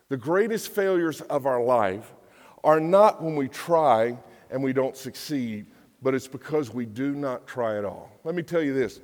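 A man's voice: mid-range voice, animated, normal speed, darkish tone. A male pastor preaching a conversational, jokey sermon and acting out quotes in voices. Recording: long hall reverb.

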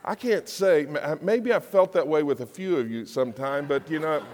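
A man's voice: on the high side, moderate pace, a little mellow, slight background noise. A male pastor preaching a conversational, jokey sermon and acting out quotes in voices. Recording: long hall reverb.

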